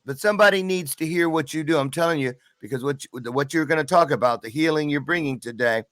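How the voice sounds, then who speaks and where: A man's voice: a little high, fast talker, a bit bright, dry recording. A man hosting an online talk show, playful and rambling, thinking aloud as he sets things up. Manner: playful, rambling, talks to himself. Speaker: show host. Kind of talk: casual interview chat.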